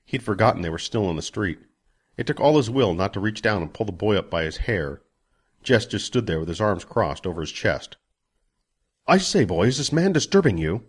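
A man narrating a story as an audiobook, expressive and giving each character a voice. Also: low-pitched, brisk, slightly rough.

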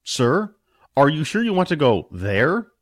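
A man's voice: a little high, very animated, measured pace, dry recording, voice pushed up. Man voicing a deferential young pilot in a storybook reading, nervous and polite. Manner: polite, hesitant.

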